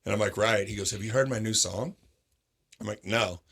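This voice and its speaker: Lively middle-aged man telling stories. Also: lowish voice, a little fast, creaky, husky. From Sacramento, California. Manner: animated, acts out quoted voices. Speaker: roller rink owner, podcast guest. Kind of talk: casual storytelling chat.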